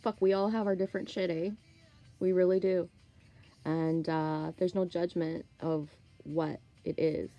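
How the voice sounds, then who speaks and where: A Canadian woman with a lowish, steady voice speaks at a measured pace in a candid, rambling monologue to camera, swearing freely. Faint music plays behind her, and the recording sounds muffled.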